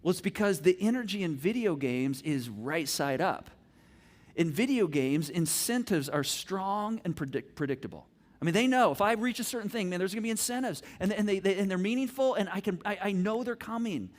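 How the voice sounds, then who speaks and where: A middle-aged man preaching a sermon as pastor, telling family stories and acting out the scenes with animated energy. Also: high-pitched, brisk.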